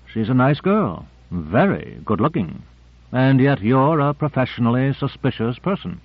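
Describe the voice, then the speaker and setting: A man's voice: medium pitch, big pitch swings, moderate pace, no room sound. A man doing a sly, probing sardonic man. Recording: dry narrow phone-like audio.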